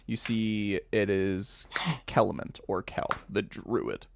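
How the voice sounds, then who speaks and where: A man's voice: lowish voice, fairly even intonation, slow, creaky, noisy background. A young man narrating a tabletop game as game master, loose and rambling.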